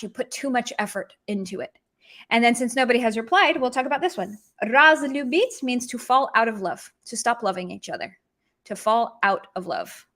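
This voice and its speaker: A woman giving an online language lesson in a slightly high voice. She explains things in a chatty, informal way and slips into sarcastic tones to act out her examples. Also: a bit bright. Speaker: language teacher.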